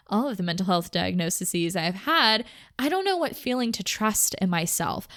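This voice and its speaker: A woman's voice: medium pitch, a bit bright, dry recording, clean studio sound. A woman hosting her own podcast, talking through her thoughts in a rambling, self-questioning way, bubbling over when she thanks listeners. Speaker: podcast host. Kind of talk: casual solo podcast monologue.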